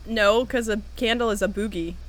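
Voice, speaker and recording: A young American woman in casual chat, talking quickly and laughing at herself as she answers trivia. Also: medium pitch, lively intonation, pushed and bright. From United States. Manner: chatty and self-deprecating, quick to laugh.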